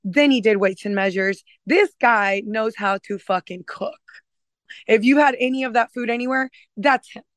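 A woman guest on a food podcast, telling animated stories in casual chat and swearing freely. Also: a little high, moderate pace, no echo.

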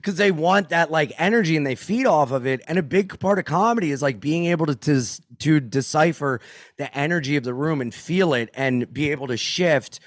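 Brief: male comedian guest, slightly high voice, animated, swears a lot, jumps into loud bits, dry close-mic sound. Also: a little fast, no room sound. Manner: animated, profane, acts out quotes in loud voices. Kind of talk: casual podcast chat.

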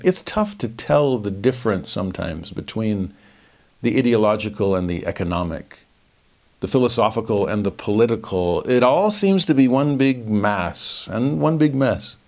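A middle-aged man teaching a verse-by-verse scripture lesson, expressive, moving between lively asides and quiet emphasis. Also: on the low side, moderate pace, gravelly. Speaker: Bible teacher.

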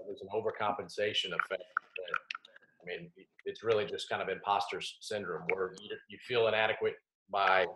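A man hosting an interview, asking questions and reflecting thoughtfully, with many halting fillers. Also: fairly low pitch, background noise. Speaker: podcast host and interviewer. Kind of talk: conversational interview. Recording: roomy echoey sound.

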